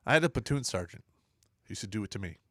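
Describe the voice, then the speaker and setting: Man, middle-aged, blunt and profane, lively storyteller, bright tone. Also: on the low side, very fast, no echo, studio quality. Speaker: podcast co-host. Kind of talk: casual talk show banter.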